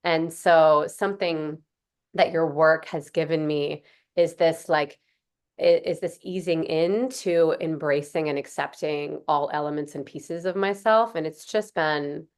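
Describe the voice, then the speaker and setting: A woman hosts a casual podcast interview in a low, smooth voice with fairly even intonation, speaking a little slowly. She's earnest and gushing, filling her speech with lots of "like" and "um".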